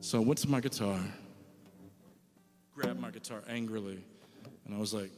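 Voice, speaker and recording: A man's voice: lowish voice, normal speed, a little mellow, faint music behind. A man in his forties, a visiting musician telling self-mocking stories between songs to a church crowd. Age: 40s. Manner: chatty, self-mocking, jokey asides to the crowd. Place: church hall with live audience. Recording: long hall reverb.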